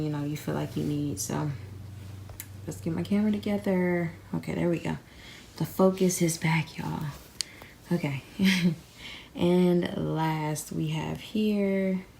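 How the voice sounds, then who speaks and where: A woman's voice: sits low, gravelly, dark tone, a little hiss or hum. A young woman chatting casually to her viewers from her bed, unwell and a bit out of breath, rambling and calling them y'all. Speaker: crystal vlogger. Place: in bed in a bedroom. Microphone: camera sitting on the bed beside her.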